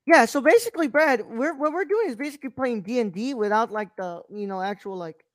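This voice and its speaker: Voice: medium pitch, animated, a little fast, no room sound. Laid-back podcast co-host, dry mic. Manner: laid-back, says "bro" and "um" often. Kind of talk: casual chat.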